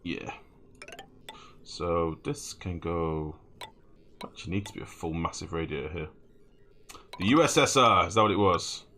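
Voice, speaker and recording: A man's voice: deep voice, a little slow, pauses often, pushed and bright, a little hiss or hum. A man chatting casually and swearing freely while he streams a game and answers chat. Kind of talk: casual gameplay commentary.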